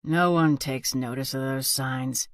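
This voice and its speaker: A woman whispering as a gruff male hunter. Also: very deep voice, steady tone, unhurried, dry recording, clean studio sound, voice pushed down. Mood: wary. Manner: quiet, firm, terse. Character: gruff rural male hunter, wary, blunt. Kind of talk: whispered role-play.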